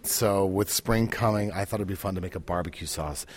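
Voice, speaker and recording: Male chef, low register, eager cooking-demo talker. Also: fairly quick. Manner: enthusiastic, repeats words when starting. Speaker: chef and cookbook author. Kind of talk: cooking demonstration on radio.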